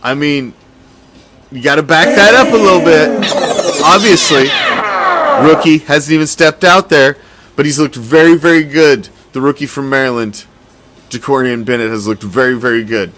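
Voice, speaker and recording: A man hosting a casual sports commentary show, talking in an animated, profane, rambling way. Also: on the high side, moderate pace, background noise. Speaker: host.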